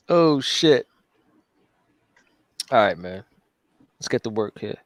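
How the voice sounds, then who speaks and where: A man co-hosting a casual livestream chat, telling stories in an animated, profane way. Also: fairly low pitch, takes it slowly, long pauses, no echo. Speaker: co-host and comic creator.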